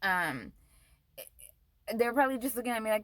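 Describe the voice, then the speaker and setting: A woman's voice: a little high, big pitch swings, moderate pace, dry recording, low-quality recording. A young woman vlogger telling a story in a casual, rambling way, swearing often and saying "like" a lot. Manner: profane, rambling, says "like" a lot.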